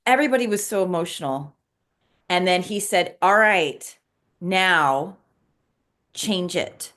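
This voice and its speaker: A woman's voice: medium pitch, fairly bright tone. A middle-aged woman in casual conversation, earnestly recounting a spiritual dream with emotion and many restarts.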